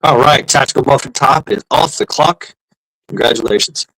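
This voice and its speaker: Gravelly man rambling through a live stream. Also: medium pitch, moderate pace, a bit bright, low-quality recording. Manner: rambling, many fillers and restarts, reads out chat. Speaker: livestream host. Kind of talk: casual livestream chat.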